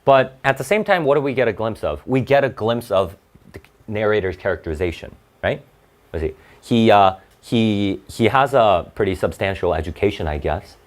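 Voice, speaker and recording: A man's voice: lowish voice, animated, normal speed. A young man tutoring for the SAT, reading a passage aloud and explaining it in a casual, blunt way, full of rhetorical questions and fillers.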